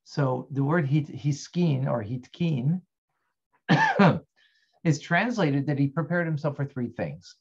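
A man's voice: on the high side, expressive, takes it slowly, husky, dull audio. A man teaching an interactive online Torah class as a rabbi. He asks his students questions and thanks them by name.

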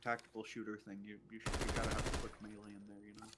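A man co-hosting a game stream, explaining details in a relaxed, knowledgeable way with a light chuckle. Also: lowish voice, rapid-fire. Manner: laid-back, knowledgeable, chuckling. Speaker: co-host. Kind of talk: casual gaming livestream chat. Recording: noticeable background noise.

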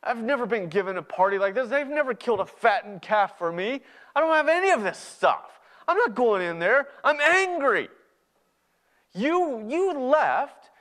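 A man's voice: mid-range voice, very animated, normal speed, pauses often, natural voice. A man playing a resentful older brother as he retells a parable in a sermon, with indignant, accusing outbursts. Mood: angry. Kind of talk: sermon storytelling.

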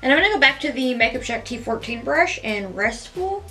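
A woman talking casually at home as she walks through a makeup tutorial step by step, chatty and gushing but gentle. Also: high-pitched, sing-song, fairly quick, soft background music.

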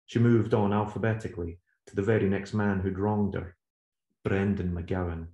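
A man, the author, reading aloud from his novel in a measured, steady voice. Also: low-pitched. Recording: roomy echo.

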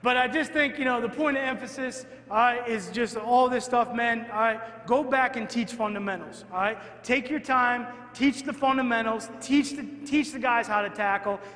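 High-voiced coach in an echoing hall. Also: male voice, normal speed, hardly any pauses. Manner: energetic, animated, keeps checking in with the audience. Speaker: football coach presenting at a clinic. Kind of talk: coaching clinic talk over game film. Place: large hall in front of an audience. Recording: echoey hall with long reverb.

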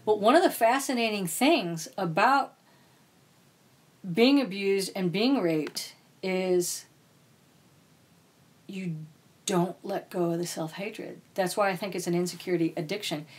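A woman's voice: mid-range voice, a little slow, pauses often. A woman author as a podcast guest, speaking bluntly and profanely about painful experiences. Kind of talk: candid podcast interview.

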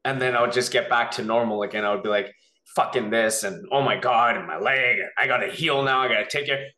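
A man telling a personal story as an interview guest, rambling and animated, acting out the voices he quotes. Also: medium pitch, fast talker, roomy sound.

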